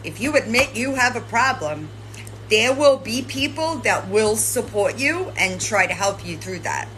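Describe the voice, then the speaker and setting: A woman's voice: mid-range voice, big pitch swings, a little slow, a bit bright, slight background noise, low-quality recording. A woman host lecturing and scolding someone directly, swearing and tagging her points with "right?". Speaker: commentary channel host. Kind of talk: confrontational commentary addressing a streamer.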